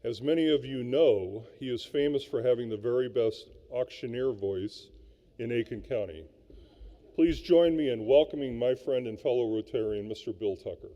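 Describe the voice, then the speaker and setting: A man co-chairing a symposium, reading a formal, measured welcome and introducing speakers at a luncheon. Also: mid-range voice, warm tone. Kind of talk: formal scripted welcome speech. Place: large hall at a luncheon. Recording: echoey hall, dull lo-fi sound.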